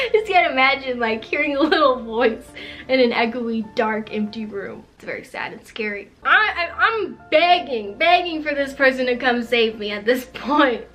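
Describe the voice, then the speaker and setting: A young woman telling a storytime vlog, animated and laughing often as she talks. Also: high voice, normal speed, faint music behind. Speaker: vlogger.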